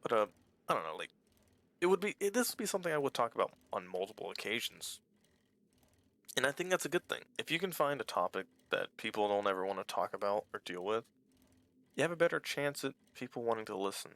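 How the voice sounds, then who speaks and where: Gravelly, bright-voiced man rambling over gameplay. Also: on the low side, very animated, quick pace, dry recording. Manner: rambling and candid, swears casually. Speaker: small YouTuber playing a game. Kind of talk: casual let's-play commentary.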